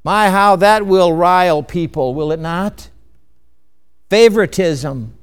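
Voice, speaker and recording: A man preaching a sermon, emphatic and measured, with frequent rhetorical questions. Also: sits high, smooth.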